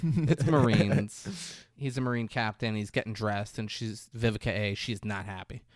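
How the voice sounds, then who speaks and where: A man's voice: lowish voice, fairly even intonation, a little fast, no echo, clean studio sound. A man co-hosting a podcast, retelling a movie scene by scene with playful quoted voices and casual swearing. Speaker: podcast co-host. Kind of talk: casual movie recap chat.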